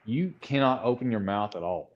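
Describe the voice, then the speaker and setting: A man's voice: on the low side, lively intonation, moderate pace, highs cut off, crowd noise. A man with a Texan accent, chatting on a livestream panel and explaining at length with many restarts. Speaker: panel guest. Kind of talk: casual livestream chat.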